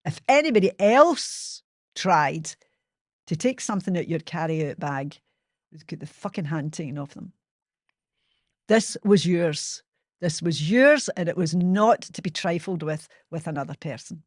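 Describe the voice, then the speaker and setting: A woman's voice: fairly low pitch, lively intonation, a little slow, no room sound. Glaswegian woman, 60s, host telling her own stories; frank, sweary, self-mocking, dry close sound. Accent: Glaswegian Scottish. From Scotland. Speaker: podcast host. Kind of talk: personal storytelling monologue.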